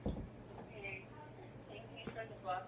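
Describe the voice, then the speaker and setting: A woman's voice: mid-range voice, little pitch movement, slow. Wary woman on a distant speakerphone. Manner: short, wary answers. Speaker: prank call target. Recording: distant echoey speakerphone with noise.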